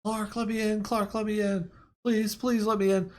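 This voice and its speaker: A woman's voice: level tone, moderate pace, natural voice. A man voicing a panicked woman begging to be let in from behind glass. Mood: desperate pleading. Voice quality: high pleading cries.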